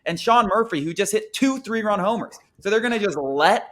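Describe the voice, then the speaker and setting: A man's voice: high voice, expressive, fairly quick, fairly bright tone. A man hosting a sports talk show, ranting in an emphatic, exasperated way.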